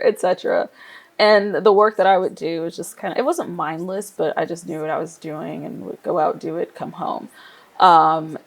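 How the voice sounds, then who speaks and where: A woman from Nigeria, an interior designer, telling her career story in a casual, lively way and laughing often. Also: mid-range voice, vocal fry. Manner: lively, laughs often, acts out quoted voices.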